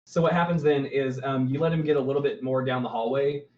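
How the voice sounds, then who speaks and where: A man narrating as game master in a relaxed, descriptive way, stopping now and then to correct himself. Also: medium pitch, fast, reverberant, dull audio.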